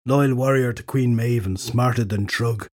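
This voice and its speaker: A man's voice: mid-range voice, normal speed, dry recording, studio quality, lightly acted. A man voicing a sly, wisecracking warrior. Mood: casual. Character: sly, wiry male warrior, cocky.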